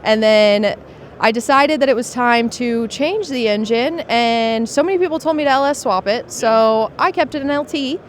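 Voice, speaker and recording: A woman's voice: a little high, normal speed, slight background noise. A woman who builds cars and makes videos about them, talking through her project in a chatty, matter-of-fact way during an interview. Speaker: car builder and content creator. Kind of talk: casual interview. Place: busy trade show floor.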